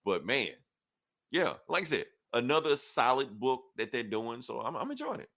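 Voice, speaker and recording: A man co-hosting a casual comic book review podcast, retelling the plot in an animated way and acting out the characters' lines. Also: mid-range voice. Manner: animated retelling that acts out characters' lines in quick quoted snippets.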